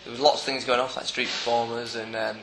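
A man's voice: mid-range voice, level tone, fast talker, gravelly, reverberant, a crowd in the background, rough recording. A man co-hosting a podcast in casual chat, making dry punning quips. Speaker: podcast co-host.

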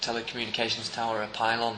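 A man co-hosting a comedy podcast, telling stories deadpan and acting out the people in them. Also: mid-range voice, fast. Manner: deadpan, acts out characters in his stories. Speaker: podcast co-host. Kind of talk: casual comedy chat, storytelling. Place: busy coffee shop. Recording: echoey cafe with clear background noise.

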